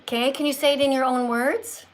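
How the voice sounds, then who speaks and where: A woman's voice: sits high, fairly even intonation, a little fast, background noise. A woman hosting a livestream with callers, lecturing in a preachy, scolding teacher tone. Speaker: livestream host.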